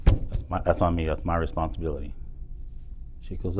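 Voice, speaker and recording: Middle-aged man, deep low voice, motivational speaker telling his own story with punchy emphasis. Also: fairly even intonation, moderate pace, pauses often, darkish tone, a little hiss or hum. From South Texas. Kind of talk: motivational speech. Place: event hall.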